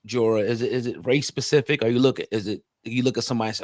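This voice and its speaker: Fast-talking man hosting a casual interview. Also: mid-range voice. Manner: laid-back, conversational questioning. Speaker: show host.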